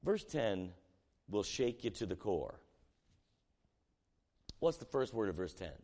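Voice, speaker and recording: A man preaching as a pastor, reading scripture and asking the room questions, his voice alternating between quiet reading and loud emphasis. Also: fairly low pitch, sing-song, slow, long reverb tail.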